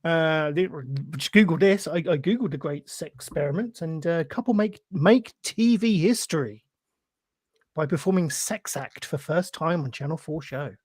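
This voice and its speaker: A man's voice: a little high, lively intonation, moderate pace, a little mellow, no echo. A man co-hosting a podcast, chipping in with dry, teasing remarks. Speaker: podcast co-host. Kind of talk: casual chat.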